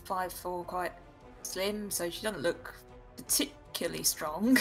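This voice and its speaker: A woman describing her character in a casual tabletop game, easygoing and quick to giggle. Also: fairly low pitch, steady tone, faint music behind. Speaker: player.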